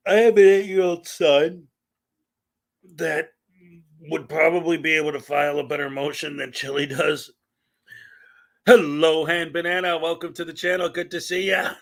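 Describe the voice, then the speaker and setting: A man's voice: a little high, fairly bright tone. A man in his thirties hosting a casual livestream, chatting in a rambling way and greeting viewers in the chat. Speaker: livestream host.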